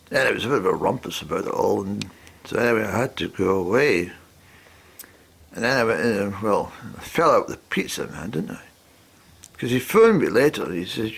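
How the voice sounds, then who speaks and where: Gravelly, husky man telling a story. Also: fairly low pitch, fairly quick. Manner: rambling, expressive, swearing. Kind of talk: rambling personal storytelling.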